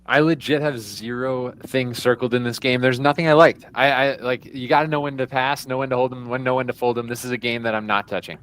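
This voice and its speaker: A man's voice: mid-range voice, fairly even intonation, brisk, hardly any pauses, a bit bright, clear, resonant tone. A man co-hosting a sports betting show, upbeat and loaded with stats. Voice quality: upbeat, stat-heavy. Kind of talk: casual sports betting chat.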